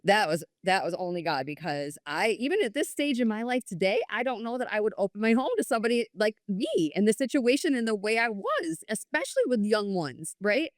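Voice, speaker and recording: A woman's voice: mid-range voice, very animated, brisk, few pauses, no room sound, studio quality. A woman from New York telling her personal story as a guest, earnest and candid, often quoting herself and others in conversation. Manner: earnest, candid storytelling with frequent "I was like" and quoted dialogue. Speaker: podcast guest.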